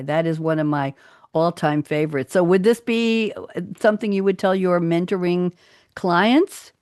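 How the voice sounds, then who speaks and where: A woman's voice: fairly low pitch, moderate pace, darkish tone, clean tone, no echo, studio quality. An older woman hosting a casual roundtable talk show, chatty, rambling and teasing her guests.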